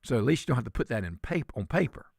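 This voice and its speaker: A man's voice: medium pitch, sing-song, very fast, gravelly, darkish tone, husky, no echo, studio quality. A man, filling in as a talk radio host and delivering fiery, indignant commentary.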